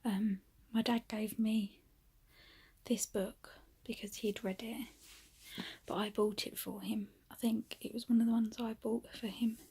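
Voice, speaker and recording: A young woman talks to her camera at home, out of breath and often sinking into a whisper. Her voice is very husky with a gravelly edge, and she speaks slowly in a flat, even tone. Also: on the high side. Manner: often drops to a whisper, chatty and rambling; coos softly to her cat. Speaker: vlogger. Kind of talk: casual vlog chat.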